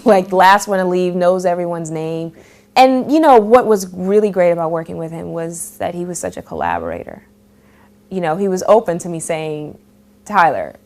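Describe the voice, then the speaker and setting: Young woman, actor interviewee, lower voice, casual and animated, laughs often. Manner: laughing storyteller, acts out quotes.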